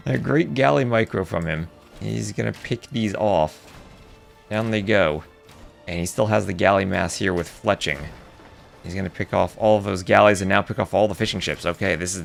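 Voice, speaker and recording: Male esports caster, deep and gravelly, lively swoops in pitch, chatty with chat, faint music behind. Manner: chatty, answers live chat between plays. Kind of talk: live game commentary.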